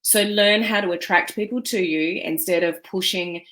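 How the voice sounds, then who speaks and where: A woman's voice: lowish voice, moderate pace, a bit bright. Woman, business coach, earnest, emphatic, fillers and restarts. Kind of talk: motivational teaching talk.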